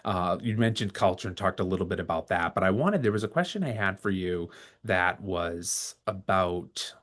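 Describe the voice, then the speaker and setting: Hesitant low-voiced man moderating. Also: moderate pace, fairly bright tone. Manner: hesitant, many fillers and restarts. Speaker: webinar moderator. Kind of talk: conversational questions. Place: video call.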